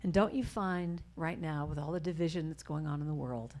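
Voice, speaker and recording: A woman giving a heartfelt spiritual talk, speaking gently and slowing down on key words, sometimes dropping to a soft near-whisper. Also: low voice. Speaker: inspirational speaker and singer. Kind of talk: spiritual talk leading a chant.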